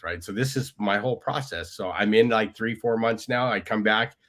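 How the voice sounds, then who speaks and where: A man's voice: fairly low pitch, fairly quick, few pauses, fairly bright tone. A man, a podcast guest telling his life story in a conversational way, often tagging lines with "right?". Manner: conversational, tag questions, quoting others. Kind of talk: storytelling interview.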